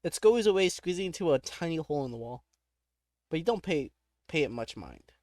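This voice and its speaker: A man's voice: on the high side, very animated, fairly quick, darkish tone, no echo, clean studio sound. A man playing a text adventure, reading the game text aloud and reacting casually, laughing often and breaking off with startled exclamations.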